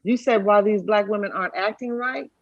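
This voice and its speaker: A woman from California co-hosting a casual podcast, quick to laugh and to jump in over others. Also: medium pitch, dry recording, highs cut off. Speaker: podcast co-host. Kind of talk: casual chat.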